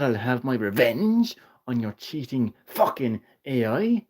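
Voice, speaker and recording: A man's voice: mid-range voice, slight background noise. Brash trash-talking male gaming streamer. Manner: brash, profane trash-talk aimed at the game; excitable, jokey, sometimes rushes his words. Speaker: gaming livestream host. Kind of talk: live gameplay commentary.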